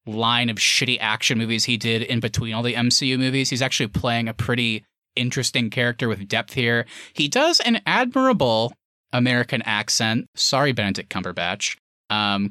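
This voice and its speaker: A male podcast co-host talking through a film in loose, filler-heavy chat. His voice is bright and forceful, at a middling pitch. The recording is dry and close, with no room sound. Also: no echo. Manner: chatty, wordy, lots of fillers. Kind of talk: casual movie review chat.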